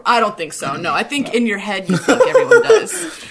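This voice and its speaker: A woman's voice: medium pitch, wildly swooping pitch, fairly quick. A young woman in her twenties telling a rambling, profane party story on a podcast, full of "like" and giggles. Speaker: podcast co-host. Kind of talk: casual storytelling chat.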